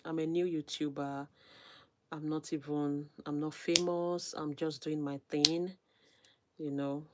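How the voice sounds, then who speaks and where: Woman, YouTuber, livestream chat, slow delivery, reads comments, soft-spoken. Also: low-pitched, flat delivery, heavy background noise. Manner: reads viewer names, gives shout-outs; soft, unhurried, drops to near-whisper at times.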